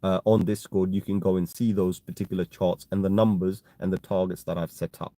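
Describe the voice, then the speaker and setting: A man with a fairly low, mellow voice hosts a relaxed live stream. He talks in a chatty, loose way, calls his viewers "guys" and keeps checking in with a quick "right?". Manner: chatty, tags statements with "right?". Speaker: crypto live stream host. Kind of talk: casual live stream talk.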